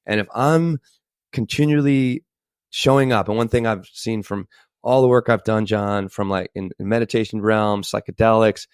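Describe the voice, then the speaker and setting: A man co-hosting a casual podcast, talking in a rambling, animated way with restarts and the odd swear word. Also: lowish voice, normal speed, clean tone, dry recording, clean studio sound. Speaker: podcast co-host.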